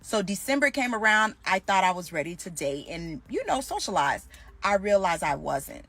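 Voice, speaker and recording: A young adult woman telling a storytime about her dating life, animated and acting out both sides of the conversation. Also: mid-range voice, normal speed, no room sound. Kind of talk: storytime vlog.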